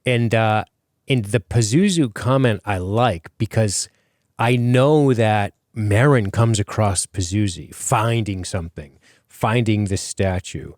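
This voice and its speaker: A man's voice: fairly low pitch, takes it slowly, a little mellow, no room sound, studio quality. A man hosting a podcast in casual chat, rambling with many fillers and casual swearing. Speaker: podcast host.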